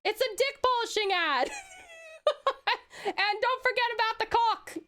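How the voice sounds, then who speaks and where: A woman's voice: very high-pitched, unhurried. An Australian woman streaming live, chatting casually, giggling and reading out chat messages. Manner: giggly, excitable, swearing, reads chat aloud.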